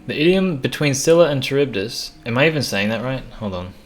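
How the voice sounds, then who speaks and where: A man's voice: medium pitch, lively intonation, a little fast. A man streaming live, chatting casually and reading lore aloud, rambling, swearing offhandedly and sounding out tricky words. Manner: laid-back and swears casually.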